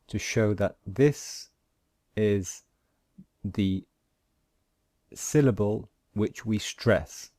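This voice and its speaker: Male pronunciation teacher, low voice, dry close recording, patient tutorial delivery. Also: a little mellow, no room sound. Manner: patient, models sounds and words slowly. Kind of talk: slow, deliberate lesson explaining phonetic symbols.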